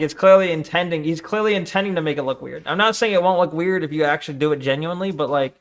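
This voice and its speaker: Casting note male streamer, slightly high voice, casual rambling reaction chat. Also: a bit bright. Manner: rambling, many fillers and restarts.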